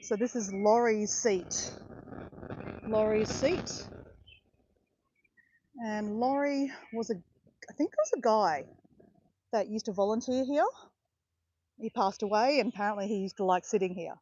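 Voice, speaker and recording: A woman's voice: mid-range voice, unhurried, pauses often, mellow, dull audio, a little hiss or hum. Chatty woman vlogging on a walk. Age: around 50. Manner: chatty and rambling, correcting herself as she goes. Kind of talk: casual walking vlog chat. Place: outdoors in botanical gardens, walking.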